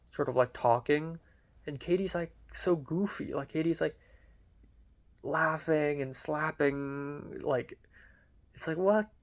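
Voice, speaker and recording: Young guy, diary vlog, loose rambling delivery full of ums and cussing, mid-range voice. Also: medium pitch. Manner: rambling, lots of fillers, casual swearing. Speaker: vlogger.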